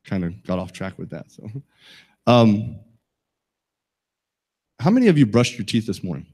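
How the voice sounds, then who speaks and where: A man's voice: lowish voice, sing-song, moderate pace, a little mellow, breathy edge. Folksy man giving a safety talk. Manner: folksy, joking, asks the audience questions. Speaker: safety presenter. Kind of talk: talk to a live audience.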